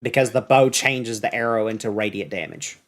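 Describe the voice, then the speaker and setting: A man's voice: lowish voice, animated, normal speed, slight background noise. Guy running the tabletop game, walks through the rules, backtracks and rereads a lot. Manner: explains at length, rereads and corrects himself. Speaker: dungeon master.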